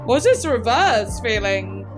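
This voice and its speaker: A woman with a fairly high voice talks through a music reaction in a casual, excitable way. She rambles, fills her thoughts with "like" and breaks off into gasps. Faint music plays behind her. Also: slow pace. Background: faint music playing.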